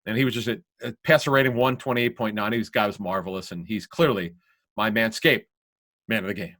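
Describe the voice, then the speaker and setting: A man's voice: on the low side, fairly quick, fairly bright tone. A man co-hosting a sports talk show, giving emphatic football analysis and often restarting his sentences.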